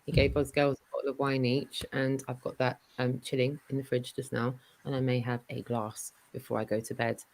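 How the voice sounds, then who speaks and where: A woman's voice: a bass voice, level tone, a little fast, hardly any pauses, poor audio. Chatty woman hosting a livestream. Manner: chatty, warm shout-outs, many fillers. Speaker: livestream host. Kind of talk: casual livestream chat.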